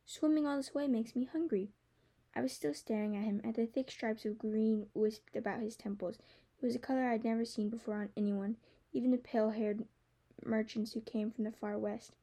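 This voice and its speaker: A woman narrating a novel in the first person with an even storytelling delivery. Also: a little high. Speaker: audiobook narrator.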